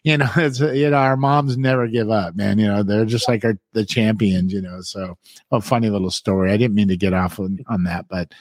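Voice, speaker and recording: A man's voice: lowish voice, fairly even intonation, fairly quick, darkish tone, no room sound, clean studio sound. A man hosting a talk show, rambling through stories and tagging "man" and "you know" onto his sentences. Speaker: show host. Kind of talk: casual talk show chat.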